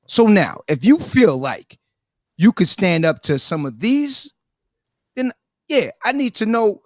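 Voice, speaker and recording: A man's voice: a little high, dry recording, studio quality. A young man hosting a podcast, arguing animatedly in casual group chat while playing a dating-coach character. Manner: animated, argues and interrupts. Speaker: podcast host.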